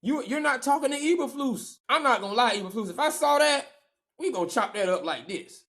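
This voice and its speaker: A man co-hosting a sports podcast in casual chat, animated and emphatic, repeating phrases for effect. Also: extremely high pitch, brisk, vocal fry. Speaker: podcast co-host.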